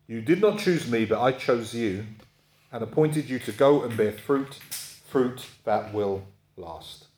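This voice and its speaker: A pastor with an expressive mid-range voice and a darkish tone preaches slowly in an echoey room. His sermon is conversational, and he frequently checks in with his listeners.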